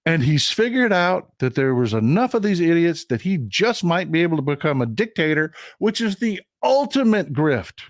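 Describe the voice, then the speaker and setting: Guy doing a political livestream, blunt and punchy, repeats himself a lot, kinda higher voice, dry close mic. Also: big pitch swings, normal speed, hardly any pauses, no echo. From Texas. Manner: blunt, emphatic, repeats short phrases for emphasis; reads out viewer comments and thanks donors. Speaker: livestream political commentary host. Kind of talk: casual political commentary livestream. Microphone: streaming setup mic.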